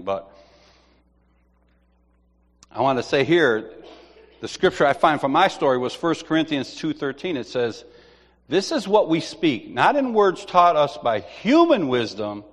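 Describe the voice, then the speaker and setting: A middle-aged man sharing a personal faith testimony as an animated storyteller who laughs and repeats himself. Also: mid-range voice. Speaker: church member sharing a testimony. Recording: long hall reverb.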